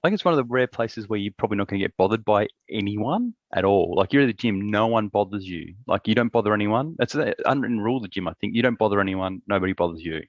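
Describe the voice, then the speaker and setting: A man, co-hosting a casual podcast chat in a relaxed, rambling way with frequent restarts. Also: lowish voice, fast talker, few pauses, dry recording, muffled recording. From Australia. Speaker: podcast co-host.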